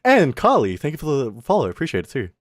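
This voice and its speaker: A man's voice: mid-range voice, wildly swooping pitch, fast talker, no echo, clean studio sound. A young man live-streaming a game, chatting in a rambling, self-mocking way and swearing often. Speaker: VTuber streamer. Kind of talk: casual live-stream commentary.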